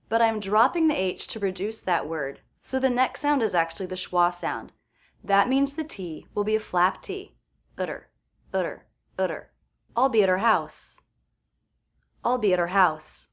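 A woman teaches pronunciation in a clear, precise way. She speaks at a measured pace and repeats each sound she shows, the way a scripted lesson is delivered. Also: mid-range voice, a bit bright.

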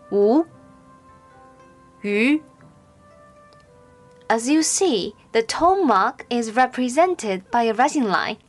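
Slow, high-voiced woman teaching pronunciation. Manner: slow, careful, clearly enunciated with drawn-out example syllables. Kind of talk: scripted instructional narration.

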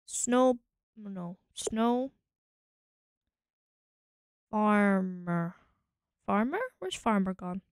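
A woman's voice: mid-range voice, very slow, long pauses, clear, resonant tone, no echo, studio quality. A Scottish woman streaming a game, musing aloud as she tries out combinations. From Scotland. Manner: musing, trying combinations out loud. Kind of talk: casual thinking aloud while playing.

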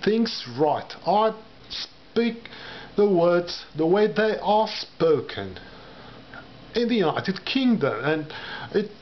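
A man with a non-native English accent speaking to camera, in slow, halting, carefully pronounced phrases. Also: big pitch swings, slight background noise. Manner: wide pitch swings from low murmurs to high emphasis. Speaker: vlogger. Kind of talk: talking to camera about learning a language. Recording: dull lo-fi sound with faint ambience.

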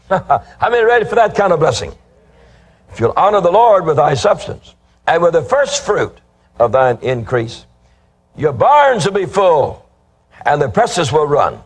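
An older man preaching a sermon with emphatic, drawn-out delivery, reading scripture aloud. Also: on the high side, very animated, husky.

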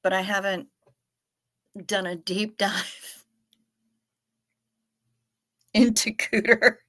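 Playful unhurried woman livestream host. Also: mid-range voice, steady tone, a bit bright. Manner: playful and teasing, often laughing; trails off and restarts, unhurried. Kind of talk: casual livestream chat reading viewer comments.

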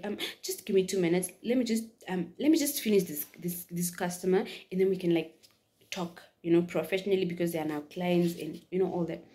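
Woman vlogger, slightly low and mellow, chatty storyteller who repeats herself. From Namibia. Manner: animated storyteller who repeats words in strings. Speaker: YouTuber. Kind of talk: casual storytime vlog.

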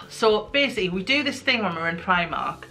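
Bright-voiced British woman telling a story. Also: medium pitch, normal speed. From United Kingdom. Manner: candid, self-mocking, animated. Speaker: guest. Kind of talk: casual storytelling chat.

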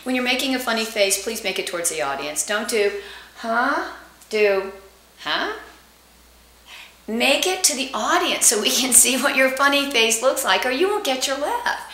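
A woman's voice: a little high, lively intonation, brisk, hardly any pauses, sharp tone. Bubbly middle-aged lady coach teaching acting, lots of laughs, roomy echo. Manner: bubbly, laughs often, demonstrates lines. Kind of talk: casual on-camera acting lesson. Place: home studio room with her dog.

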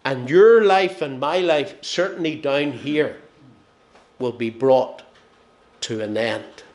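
A man in his sixties with a Northern Irish accent, preaching a sermon. He tells stories with gentle humour and lets his phrases fall soft and slow at the ends. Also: mid-range voice. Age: 60s.

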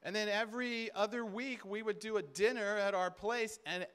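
A man speaking at a Christian conference, telling stories in an animated way and acting out conversations. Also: high-pitched, moderate pace, clean tone. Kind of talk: storytelling sermon talk.

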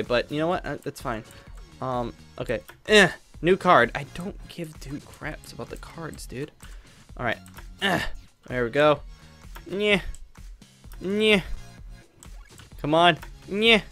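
Young male gamer, a bit high-voiced, muttering then blowing up at the game, faint music underneath. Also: animated, unhurried, pauses often, a bit bright. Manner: frustrated, talks to himself, swings between mutters and outbursts. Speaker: gaming youtuber. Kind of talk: gameplay commentary.

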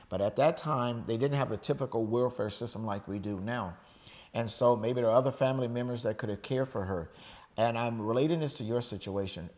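A middle-aged man from the United States preaches in a loose, conversational style. His voice sits slightly low, and he often pauses to ask "okay?" and restarts his sentences as he talks through a scripture passage. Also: darkish tone. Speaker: pastor. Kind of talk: sermon.

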